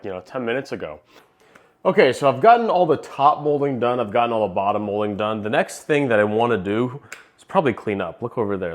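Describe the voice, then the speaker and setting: A young man from New Hampshire chatting to camera in a casual home vlog, joking as he works. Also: medium pitch. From New Hampshire, USA. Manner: chatty, jokey, talks to camera while working. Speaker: fish-keeping vlogger. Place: home basement and rooms.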